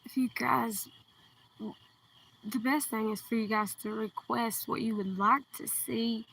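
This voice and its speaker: A woman with a southern Kentucky accent, chatting on a livestream outdoors at night, speaking slowly and carefully enunciating into a phone. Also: on the high side, steady tone, creaky. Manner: slow, deliberately enunciated, soft-spoken. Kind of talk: casual livestream chat. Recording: distant phone mic, faint outdoor hiss.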